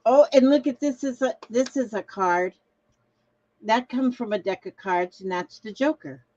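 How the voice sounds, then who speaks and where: A woman's voice: fairly high pitch, normal speed, warm tone, highs cut off. A woman hosting a casual craft livestream, chatting in a rambling way and reading viewer comments aloud. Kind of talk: casual live-stream chat.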